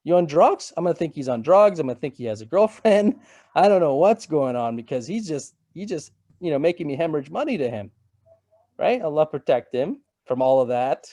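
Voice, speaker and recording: Mellow-voiced middle-aged man presenting. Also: fairly high pitch, big pitch swings, brisk, no room sound. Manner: casual, repeats phrases and asks "right?" for assent. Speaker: webinar presenter. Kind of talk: conversational presentation.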